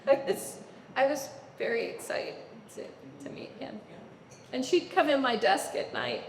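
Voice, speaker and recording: Animated storytelling woman in an echoey hall. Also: high-pitched, measured pace, a little hiss or hum. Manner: animated, acts out quoted voices. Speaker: interview guest, entrepreneur. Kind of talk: storytelling in a live onstage conversation. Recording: echoey hall with long reverb.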